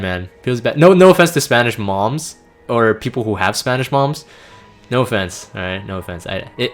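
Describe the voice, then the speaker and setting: A man casually commenting between story readings in a laid-back, joking, self-deprecating way. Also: fairly low pitch. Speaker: channel host reading game story.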